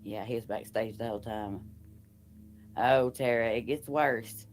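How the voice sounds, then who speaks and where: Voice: medium pitch, a little slow, soft background music. A host giving casual commentary on clips and addressing viewers by name.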